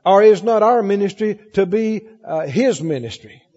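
A man preaches in a high, lively voice, its tone mellow and slightly husky, reading scripture and asking his congregation questions. He sounds like an old, dull sermon tape recorded in a church with a long reverb. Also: normal speed. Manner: animated preaching, reads scripture aloud, asks the congregation questions. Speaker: pastor.

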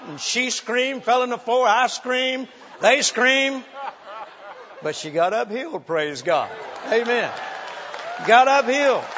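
High-voiced animated preacher in a hall. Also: male voice, lo-fi sound, slight background noise. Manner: animated, humorous, acts out quotes, laughs often. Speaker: preacher telling ministry stories. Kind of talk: sermon storytelling.

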